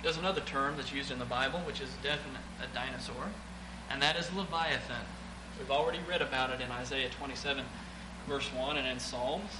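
A man preaching a sermon, reading scripture aloud, swinging between loud emphatic passages and quieter asides. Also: mid-range voice, steady tone, fairly quick. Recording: echoey room with clear background noise.

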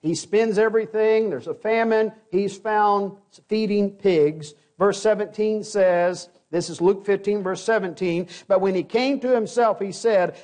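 A man's voice: high-pitched, unhurried, hardly any pauses, a little mellow. A man preaching an expository sermon to his congregation, earnest and repeating key phrases for emphasis.

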